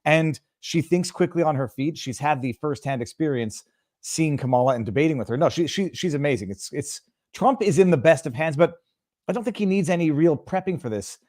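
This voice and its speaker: A man's voice: on the high side, lively intonation, a little fast, darkish tone, no echo, clean studio sound. A Canadian man, a guest on a political talk show, speaks emphatically and often repeats the first words of a sentence.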